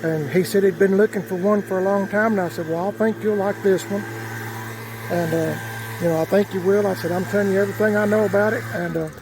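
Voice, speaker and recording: A man's voice: sits high, steady tone, quick pace, background noise. A man telling a rambling, folksy story outdoors, with lots of fillers and restarts. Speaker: vlogger. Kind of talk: casual storytelling.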